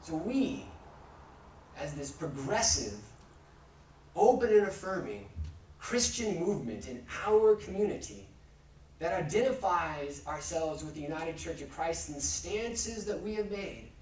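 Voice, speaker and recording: A man's voice: fairly high pitch, very animated, a little mellow, recorded from a distance, a little hiss or hum. Man preaching in an echoey church. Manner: measured preaching with repeated rhetorical refrains. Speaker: pastor. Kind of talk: sermon. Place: church sanctuary.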